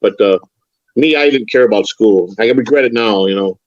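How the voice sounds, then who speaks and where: A man's voice: lowish voice, normal speed, a little mellow, dry recording, highs cut off. An older man talking on a live stream as a guest, rambling and frank, with frequent stammered restarts. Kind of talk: casual chat.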